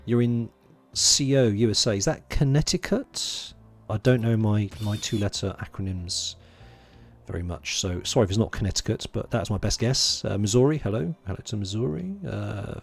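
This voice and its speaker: A man's voice: lowish voice, animated, a little fast, creaky, slightly rough, faint music behind. A man from London, streaming a game, chatting casually, muttering to himself while he plays and greeting viewers in chat. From England (London). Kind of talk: casual livestream commentary.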